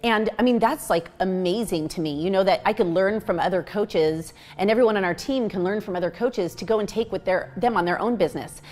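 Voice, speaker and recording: A woman in her thirties, acting as a team coach, pitches the job to newcomers in a casual, upbeat way. Her middle-pitched, slightly mellow voice moves briskly with few pauses, and her chatty talk is full of fillers and restarts.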